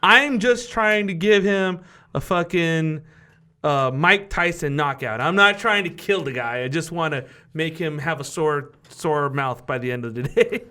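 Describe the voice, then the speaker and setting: A man's voice: fairly high pitch, a little slow, pushed and bright, clear, resonant tone. A man playing a tabletop game who talks brashly, swears freely and laughs a lot. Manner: brash, profane, laughs often. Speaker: player.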